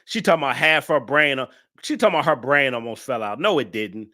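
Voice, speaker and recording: A man's voice: medium pitch, quick pace, bright, forceful tone. A man hosting a live stream, laughing as he roasts a viewer in loose, slangy casual talk. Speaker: live-stream show host.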